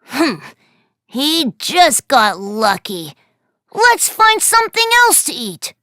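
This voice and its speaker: A woman voicing eager, hungry neighborhood dogs, excited and yappy. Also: high-pitched, slow pace, no room sound, clean studio sound, pitched above the performer's own voice, full character voice. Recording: faint music behind.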